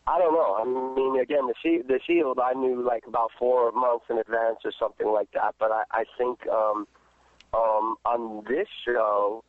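A man, an actor, answers interview questions in a loose, rambling way full of restarts and fillers. His voice comes through a tinny phone line and sounds dry. His pitch sits in a middle range. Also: steady tone, normal speed, no room sound. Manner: rambling, many restarts and fillers, laughs often. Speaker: actor guest.

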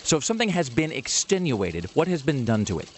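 Quick-talking wry man hosting radio. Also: mid-range voice, very animated, slight background noise. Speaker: radio show host. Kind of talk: casual comedic banter.

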